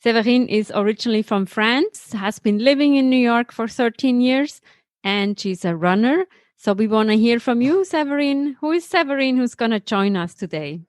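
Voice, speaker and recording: A woman's voice: on the high side, expressive, normal speed, no echo. A woman hosting a podcast, talking in an upbeat, motivational way and interviewing a guest. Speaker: podcast host. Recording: loud guitar music behind.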